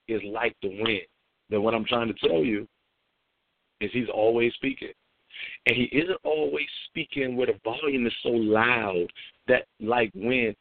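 A man's voice: mid-range voice, gravelly, no room sound. A man hosting a conversational devotional talk, telling a story with lots of fillers and repeats. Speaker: devotional host. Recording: phone-like dry recording.

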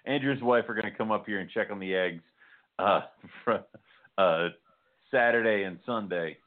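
A man's voice: lowish voice, normal speed. A man co-hosting a casual chat, joking and laughing often as he talks. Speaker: co-host. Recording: tinny phone-like line.

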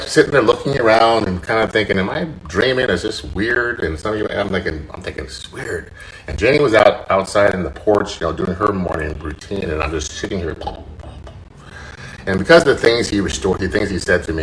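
A man hosting his own podcast, telling a personal story in an earnest, halting way, often repeating words as he goes. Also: a bass voice, gravelly, fairly bright tone, slight background noise, poor audio. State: choked up, tearful. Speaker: podcast host.

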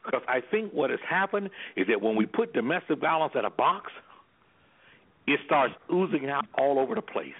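A man's voice: medium pitch, very animated, normal speed, husky. A man speaking as an anger management specialist on a radio talk show, talking emphatically in a preacher-like way. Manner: emphatic, preacher-like, repeats "guess what". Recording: phone-line radio sound.

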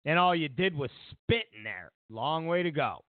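A man's voice: on the high side, very animated, normal speed, dry recording. Ranting male radio host, phone-like sound. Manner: mocking, ranting, acts out both sides of conversations. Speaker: radio talk show host. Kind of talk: opinionated talk radio monologue.

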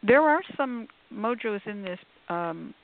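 A woman's voice: mid-range voice, expressive, slow, slight background noise. A woman author on a call-in radio panel, explaining at length in a discursive, scholarly way with many asides. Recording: tinny phone-like line.

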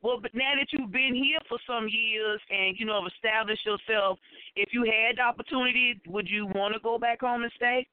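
High, smooth-voiced woman co-host, teasing and chatty, heard over a tinny line. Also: steady tone, normal speed, no echo. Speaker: radio co-host. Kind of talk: casual radio interview.

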